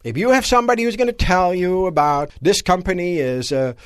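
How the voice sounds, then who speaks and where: A man giving a live motivational seminar lecture to an audience in a room, animated and asking rhetorical questions. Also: sits high, fairly quick, clear, resonant tone, no room sound, studio quality. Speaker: seminar speaker.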